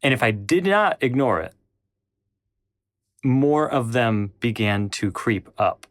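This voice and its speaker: A man's voice: mid-range voice, animated, takes it slowly, no room sound. Man retelling a personal story, dry close sound. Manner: rambling, with frequent restarts and acted-out quotes. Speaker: channel host.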